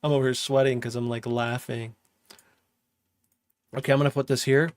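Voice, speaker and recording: A young man chatting casually on a livestream as he makes music, slangy and relaxed, often laughing. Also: mid-range voice, normal speed, no echo. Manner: laid-back, slangy, laughs often, talks while working. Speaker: music producer streaming. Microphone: studio microphone.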